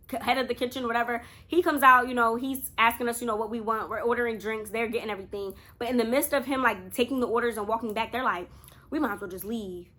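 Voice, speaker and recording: A woman's voice: fairly high pitch, bright, forceful tone. A young woman telling a casual storytime to her viewers, chatty and talking straight to them. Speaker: vlogger.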